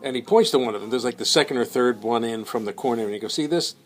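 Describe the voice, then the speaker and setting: A man's voice: medium pitch, steady tone, very fast, soft background music. Man rambling through a story. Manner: rambling, with many fillers and quoted voices. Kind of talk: casual anecdote telling.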